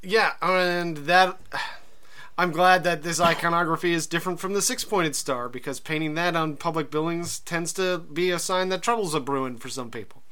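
A man co-hosting a casual comedy podcast, his voice sitting high and sounding strikingly bright. He talks loosely, trading jokes and offhand asides with his partner. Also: clean tone. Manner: joking, quick asides, swears casually. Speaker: podcast co-host.

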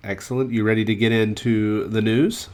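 A man's voice: on the low side, steady tone, normal speed, a little mellow, smooth. Chatty male podcast host. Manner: chatty, wry about price hikes. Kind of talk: casual podcast chat.

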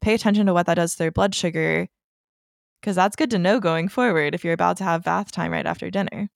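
A young woman with a low, gravelly voice, co-hosting a podcast. She talks earnestly and reflectively, sharing practical advice. The recording is dry and close. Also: steady tone, quick pace, no echo. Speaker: podcast co-host. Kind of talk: casual chat.

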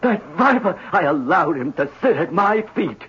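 A high, wildly swooping voice of a theatrical, self-pitying fashion designer who wails and rages in grand phrases. The tone is bright and breathy. It sounds like an old, dull lo-fi radio play. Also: male voice, very animated, normal speed, exaggerated voice. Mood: melodramatic. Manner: melodramatic, grandiose, wailing. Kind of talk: 1970s radio drama acting.

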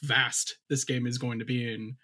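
A man's voice: medium pitch, flat delivery, moderate pace, sharp tone. A male podcast co-host talking casually and gushing with enthusiasm. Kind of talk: casual chat.

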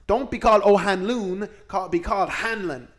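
A man's voice: high-pitched, moderate pace, fairly bright tone. A man voicing a smug colonial soup-giver, coaxing and condescending as he offers soup.

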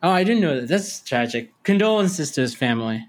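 Podcast co-host guy, kinda high voice, mostly agrees, casual. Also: very animated, a little fast. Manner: agreeable, brief replies.

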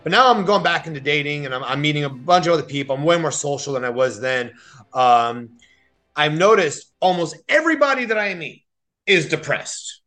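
A man's voice: fairly high pitch, animated, fairly quick, bright, forceful tone. A man in his thirties hosting a podcast, talking in a blunt, opinionated way with frequent swearing. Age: 30s. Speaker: podcast host. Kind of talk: casual podcast conversation.

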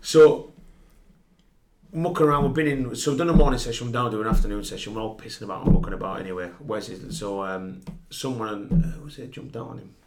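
A man's voice: lowish voice, quick pace, a little hiss or hum. Guy spinning a footy yarn, cracks himself up, swears a lot. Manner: laughs through his stories, sweary. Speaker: podcast guest, former footballer. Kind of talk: casual anecdote telling.

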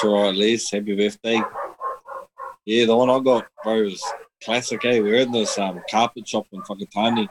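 A man telling family stories in casual chat, swearing freely and animated. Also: on the low side, background noise. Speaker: podcast guest. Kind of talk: casual storytelling.

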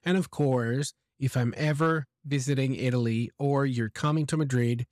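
A man's voice: mid-range voice, fairly even intonation, normal speed, darkish tone, no echo, clean studio sound. A man hosting an English lesson, giving encouraging feedback on a listener's message and explaining pronunciation with examples. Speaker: English teacher and podcast host.

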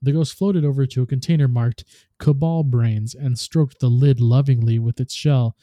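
A man reads a story aloud with steady, expressive narration. His voice is very dark and mellow, and the recording sounds dry and close. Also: mid-range voice, moderate pace, no echo. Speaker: podcast host. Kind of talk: dramatic story reading.

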